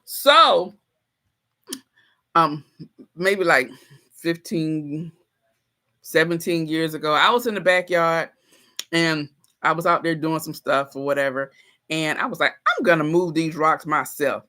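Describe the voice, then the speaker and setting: A woman's voice: sits low, unhurried, pauses often. A woman hosting a casual livestream, chatting straight to her viewers and telling stories playfully, often laughing. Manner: animated, playful storytelling with frequent laughter. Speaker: livestream host reading chat.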